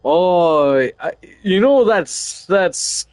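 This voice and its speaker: A man's voice: high voice, lively intonation, very slow, a little mellow, no echo, poor audio. A man chatting casually while gaming with friends, swearing a lot, joking and laughing often. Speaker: gamer streaming with friends. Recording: dry close mic with faint game music.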